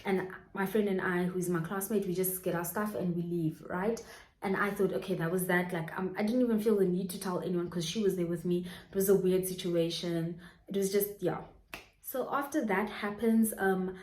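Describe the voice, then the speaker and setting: A woman's voice: medium pitch, warm tone, roomy sound. A South African woman in her twenties telling a personal storytime to her viewers in a chatty way, full of fillers and asides. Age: 20s. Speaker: YouTuber. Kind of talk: storytime vlog.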